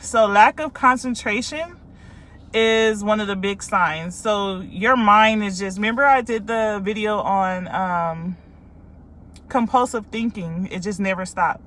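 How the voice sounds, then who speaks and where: A woman's voice: mid-range voice, unhurried, fairly bright tone. A woman life coach from California, talking casually and candidly to her followers about her own experience, with many ums and likes.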